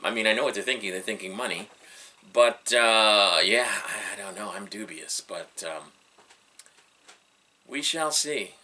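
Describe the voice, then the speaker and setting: Bright-toned, rambling male commentator. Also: mid-range voice, slight background noise. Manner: rambling, frequent ums and uhs, wry and skeptical. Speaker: entertainment news vlogger. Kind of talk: casual solo commentary.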